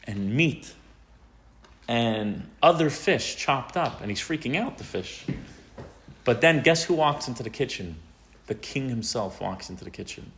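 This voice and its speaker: A rabbi giving an informal, animated talk to teenagers. He tells a story and often asks the audience questions. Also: mid-range voice. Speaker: rabbi teaching teens.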